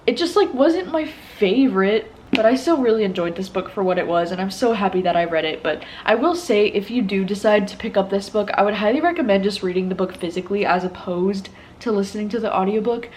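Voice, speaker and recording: A woman's voice: medium pitch, brisk, hardly any pauses, a little mellow, slight background noise, low-quality recording. Chatty young woman book vlogger. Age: 20s. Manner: chatty, many "like" fillers, candid and emotional. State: tearful. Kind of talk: casual vlog chat.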